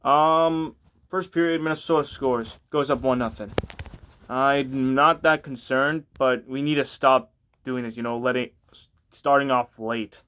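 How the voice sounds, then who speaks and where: A man's voice: medium pitch, steady tone, a little slow, fairly bright tone, smooth, highs cut off. A tired man giving a casual, rambling sports recap, sounding exasperated and often restarting his sentences. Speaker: sports fan vlogger.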